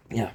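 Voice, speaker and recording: A young man talking casually in a vlog, rambling with fillers and restarts. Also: dark tone. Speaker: vlogger.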